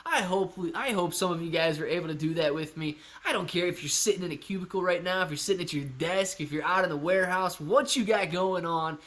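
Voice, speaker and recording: Hyped-up streaming host, man with a raised voice. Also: on the high side. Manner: energetic and hyped, calls viewers man and dude. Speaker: livestream host answering chat. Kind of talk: casual live-stream chat.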